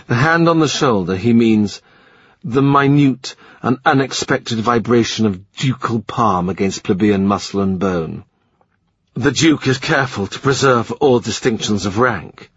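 A man narrating a historical novel in a measured, literary reading style. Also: medium pitch, animated, breathy edge, dry recording. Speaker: audiobook narrator. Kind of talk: scripted narration. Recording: slightly muffled dry recording.

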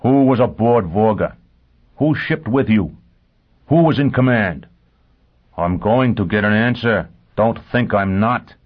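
A man voicing a vengeful, driven man who questions with calm ferocity. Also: medium pitch, a little slow, pauses often, husky, highs cut off, pitched above the performer's own voice. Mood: menacing. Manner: cold, intense interrogation.

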